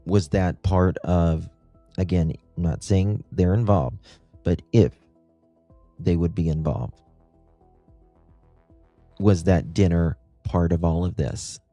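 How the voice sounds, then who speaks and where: Male livestream host, deep mellow voice, dry close sound, ponders aloud. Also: fairly even intonation, slow pace, long pauses, dry recording, soft background music. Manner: musing, thinks aloud with rhetorical questions. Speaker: true-crime livestream host. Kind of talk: casual livestream commentary.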